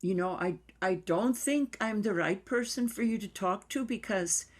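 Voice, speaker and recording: A woman's voice: mid-range voice, moderate pace, pitched above the performer's own voice, close to an everyday voice. Woman imitating a tiny emphatic old teacher. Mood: earnest. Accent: foreign accent, imitated loosely. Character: tiny elderly woman dance teacher, warm, impish, emphatic.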